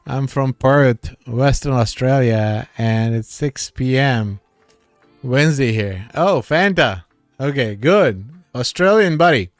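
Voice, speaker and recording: A man hosts a casual livestream, reading his viewers' comments aloud and chatting back at a slow, unhurried pace. He laughs often. His voice is close and dry, with faint music playing underneath. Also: medium pitch, dry recording. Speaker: livestream host reading chat. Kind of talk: casual live chat with viewers.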